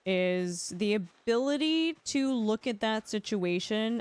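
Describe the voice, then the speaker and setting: A woman's voice: on the high side, expressive, takes it slowly, few pauses, a little mellow, clear, resonant tone. A young woman streaming a survival game live, chatting through her play and greeting viewers by name.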